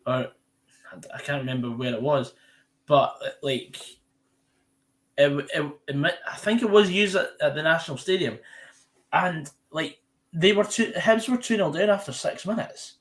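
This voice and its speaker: A man's voice: fairly high pitch, fairly bright tone. A young Scottish man hosting a live football watch-along, chatting casually and correcting himself as he goes. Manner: rambling, self-correcting, chatty. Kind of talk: casual live commentary chat.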